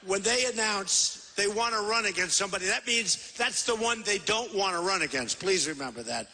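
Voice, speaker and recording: A man's voice: sits high, animated, moderate pace, bright, forceful tone. A man in his sixties giving a rambling, boastful, repetitive campaign rally speech into a podium microphone in a large convention hall. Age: 60s. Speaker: presidential candidate. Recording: reverberant hall PA sound.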